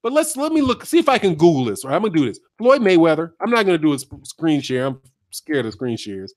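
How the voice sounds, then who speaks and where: Chatty high-voiced man on a boxing stream. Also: fast. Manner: animated, chatty, laughs often, talks straight to viewers. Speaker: boxing channel host. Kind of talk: live-stream boxing commentary.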